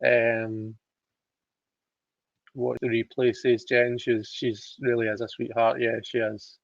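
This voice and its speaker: A man's voice: medium pitch, level tone, slow, creaky, no echo, muffled recording. A man hosting a livestream, chatting casually, reading out viewer comments with giggly, self-deprecating asides. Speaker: livestream host reading tarot.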